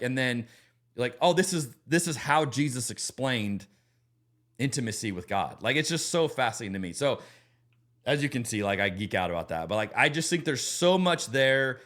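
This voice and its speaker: Eager pastor type, animated, mid-pitch male voice, podcast talk. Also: fairly quick. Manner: enthusiastic, animated storytelling. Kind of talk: podcast conversation.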